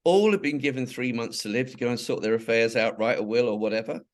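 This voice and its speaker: Older English man, chatty interview guest who wanders through anecdotes, mid-pitched voice. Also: fast. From England. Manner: rambling, many restarts and asides. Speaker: interviewee, charity founder. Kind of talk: conversational interview storytelling.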